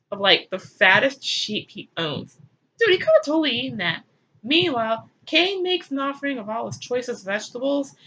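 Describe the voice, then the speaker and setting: Sarcastic comic reader, woman; bright, bouncy delivery, lo-fi. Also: mid-range voice, a little hiss or hum. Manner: sarcastic, irreverent, crude. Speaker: channel host. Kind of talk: comedic read-aloud retelling.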